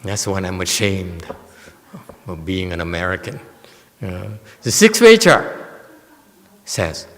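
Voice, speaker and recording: A man's voice: low voice, huge pitch swings, slow pace, long pauses, fairly bright tone. A man, a Buddhist master giving a Dharma lecture on a sutra, teasing and quizzing his audience with emphatic questions. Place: temple lecture hall. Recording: reverberant hall.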